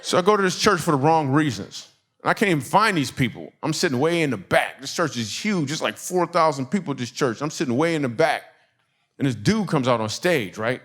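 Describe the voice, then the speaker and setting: Animated comedian from Michigan telling stories. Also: male voice, a little high, fairly quick. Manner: animated, conversational, laughs through punchlines. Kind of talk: stand-up storytelling in church.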